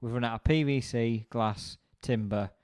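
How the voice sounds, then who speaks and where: A man's voice: medium pitch, moderate pace, a little mellow, clean tone. A man from Bradford with a West Yorkshire accent, co-hosting a podcast in casual, jokey chat and often repeating words. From Bradford, England. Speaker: podcast co-host.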